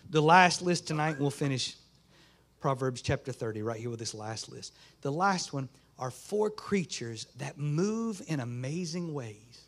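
A man's voice: on the high side, lively intonation, measured pace. A man, a pastor preaching a folksy sermon in a small church. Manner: folksy Southern preaching, rising to fervent shouts.

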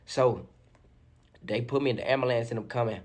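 A young man casually retelling a story in an animated, slangy way, full of fillers. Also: medium pitch, a little fast. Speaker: storyteller in a played interview clip.

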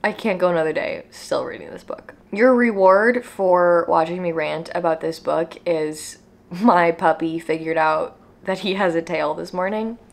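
A woman's voice: fairly low pitch, measured pace, gravelly. Young woman, casual vlog, exasperated, emphatic, chatty. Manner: exasperated, emphatic, animated ranting. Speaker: book vlogger.

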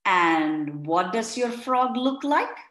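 A woman playing a calm unflappable schoolteacher. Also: mid-range voice, slow. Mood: calm unbothered. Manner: casual and unruffled. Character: calm unbothered male village schoolteacher. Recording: roomy echo.

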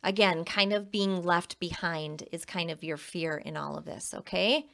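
A woman's voice: fairly low pitch, fairly even intonation, unhurried, creaky, fairly bright tone. Emphatic woman giving a tarot reading. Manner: emphatic, repeats phrases, frequent "okay?". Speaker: tarot reader. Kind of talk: casual tarot reading monologue.

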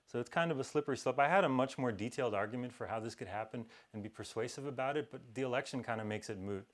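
A man's voice: mid-range voice, fast talker. A man giving a presentation talk with slides to an audience, with wry, dry humor and frequent fillers and restarts. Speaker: conference speaker.

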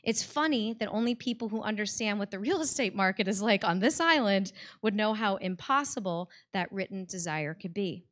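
A woman's voice: medium pitch, lively intonation, normal speed, hardly any pauses, fairly bright tone. An American woman telling a personal story on stage before a live audience, in a heartfelt conversational way with many "like" fillers.

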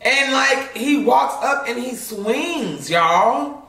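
Excitable storyteller man, high voice, laughing and swearing, echoey room, mic far off. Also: very slow. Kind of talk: animated storytelling.

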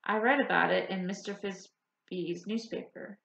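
A woman's voice: medium pitch, moderate pace, gravelly, a bit bright. A woman voicing an earnest young woman who longs to be an inventor, pleading and restless in an audiobook. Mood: eager. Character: eager young woman, anxious dreamer wanting to invent. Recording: roomy, slightly dull audiobook recording.

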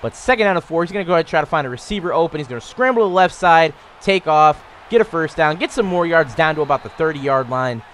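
A man in his twenties casually commentating on his own football video game, getting louder and higher on big plays. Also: expressive, fast, hardly any pauses, a little hiss or hum. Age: 20s. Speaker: gaming YouTuber.

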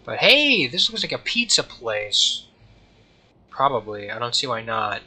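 A man's voice: medium pitch, sing-song, unhurried, pushed and bright, husky, poor audio. A young man casually commenting while playing a game, rambling and joking, often mumbling and trailing off. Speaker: gameplay streamer.

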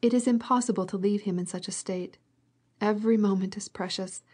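A woman's voice: medium pitch, fairly even intonation, fairly quick, darkish tone, slightly rough, close to an everyday voice. A woman voicing a tearful, fretful older noblewoman who speaks in pleading, breathless exclamations.

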